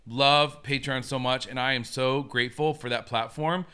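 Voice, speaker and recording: A man hosting a relaxed live stream, talking in a bright, forward voice. He chats eagerly and answers viewer comments as they come in. His pitch sits in an ordinary middle range for a man. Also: moderate pace, smooth. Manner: chatty, enthusiastic, reacts to viewer comments. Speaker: host. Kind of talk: casual live-stream chat.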